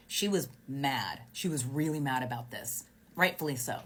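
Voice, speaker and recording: A woman's voice: very deep voice, moderate pace, slight background noise. A woman in her thirties, talking close to a phone camera indoors, recapping a personal story with indignation and lots of fillers. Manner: animated, indignant retelling with many fillers.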